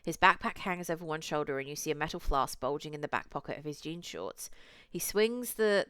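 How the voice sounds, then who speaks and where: A woman's voice: sits low, a bit bright, smooth, no room sound. A young woman streamer reading a visual novel aloud, with chatty, cursing asides to her chat.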